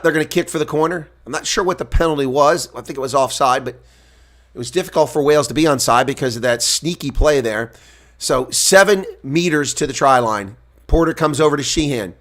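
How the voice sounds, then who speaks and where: A man giving solo live play-by-play commentary on a rugby match, moving from relaxed calls and chat with stream viewers to shouting excitement at big plays. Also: mid-range voice.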